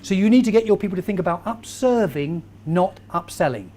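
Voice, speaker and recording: A man, giving a lively motivational talk to a live audience and quizzing the crowd as he tells stories. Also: high voice, fairly quick. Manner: animated storyteller, quizzes the crowd. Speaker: keynote speaker.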